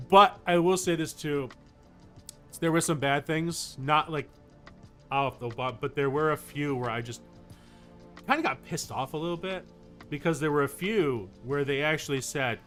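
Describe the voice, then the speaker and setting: A man who is a voice actor chatting casually while streaming a game, telling animated stories and muttering along as he plays. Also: a little high, moderate pace, faint music behind. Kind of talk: casual gameplay livestream chat.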